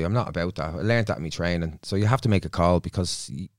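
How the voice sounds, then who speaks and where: A man's voice: low-pitched, quick pace, no room sound, studio quality. A middle-aged man, a therapist, talking reflectively as a podcast guest and telling stories from his own life. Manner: reflective, storytelling, often quotes himself. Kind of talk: casual studio podcast chat. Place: podcast studio.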